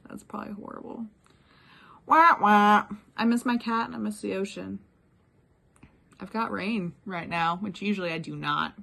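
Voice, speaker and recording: Young woman, gravelly fry, rambling personal video message. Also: mid-range voice, fairly even intonation, normal speed. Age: young adult. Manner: rambling, soft-spoken, frequent ums and little laughs. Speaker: former classmate giving a life update.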